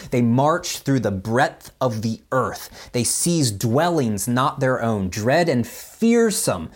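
A man preaching a sermon, reading scripture with lively voiced speeches and chatty asides full of fillers. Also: takes it slowly. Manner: animated, voices biblical speakers with pitch jumps. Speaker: pastor.

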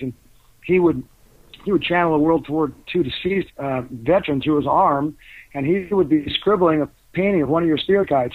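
Older man rambling fast, tinny sound. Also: fairly high pitch, no echo. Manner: rambling, anecdotal, lots of fillers and restarts. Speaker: author and guest. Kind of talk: casual interview storytelling. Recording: tinny phone-like dry sound.

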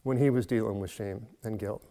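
A man preaching a sermon in an earnest way, slowing down and building up for emphasis. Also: lowish voice, steady tone, warm tone, in a large hall. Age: adult, has a son. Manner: earnest, slows and swells for emphasis. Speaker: pastor.

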